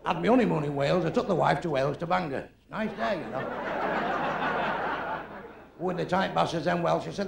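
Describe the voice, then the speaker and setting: Gravelly and a little high, this middle-aged Manchester comic delivers crude, brash jokes and quick asides on a live club or theatre stage. The background is noisy, the venue sounds roomy with a crowd, and the audience keeps laughing throughout.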